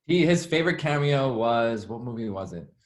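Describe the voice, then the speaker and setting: A man being interviewed, telling stories in a chatty, animated way with lots of "like". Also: medium pitch, moderate pace. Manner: chatty, animated, heavy use of "like". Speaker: interview guest, former assistant. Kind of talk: casual storytelling interview.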